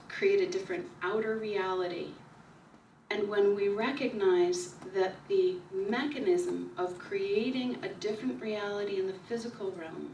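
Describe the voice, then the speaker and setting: A woman giving a calm, repetitive spiritual talk at her book signing, slowing down to stress key ideas. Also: medium pitch, a little hiss or hum. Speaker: author speaking at a book signing. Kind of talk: spiritual talk to a small audience. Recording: echoey room recorded from far off.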